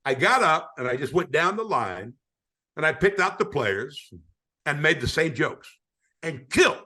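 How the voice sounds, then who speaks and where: Animated older male storyteller, bright voice. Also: a little high, measured pace. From United States. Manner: animated storyteller, acts out quoted voices, frequent stammering restarts. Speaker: retired sportscaster guest. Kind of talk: storytelling in a podcast interview.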